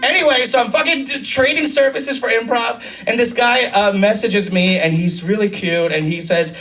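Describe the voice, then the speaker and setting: A man in his thirties doing a chatty, self-mocking stand-up set, jumping into high squealing impressions. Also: fairly even intonation, moderate pace, fairly bright tone, far from the mic, a faint crowd. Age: 30s. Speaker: stand-up comedian. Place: comedy club stage. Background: audience laughter.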